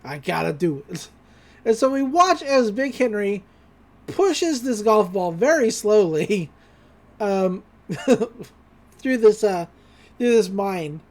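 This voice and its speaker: Animated podcast co-host retelling a cartoon. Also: medium pitch. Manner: animated retelling with quick character voices. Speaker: podcast co-host recapping an episode. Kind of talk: casual chat.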